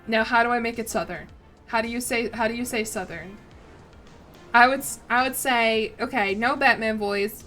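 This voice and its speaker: A woman streams a strategy game, her slightly high voice chatting along in a loose, rambling way as she thanks chat and pokes fun at herself. Faint music plays quietly under her talk. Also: normal speed. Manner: chatty, rambling, self-deprecating, reads out chat. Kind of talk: casual gameplay stream chat.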